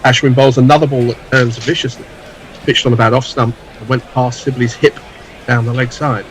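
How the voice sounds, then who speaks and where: A man's voice: mid-range voice, level tone, normal speed, slight background noise, poor audio. A man calling live cricket ball by ball, with dry, wry asides between deliveries.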